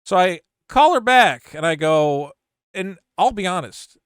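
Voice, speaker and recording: A middle-aged man hosting a channel, frankly telling a story against himself in an animated way, often restarting his sentences. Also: sits high, a little slow, smooth, dry recording, clean studio sound. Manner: animated, frank, self-mocking, with frequent restarts. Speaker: channel host. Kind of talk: casual storytelling monologue.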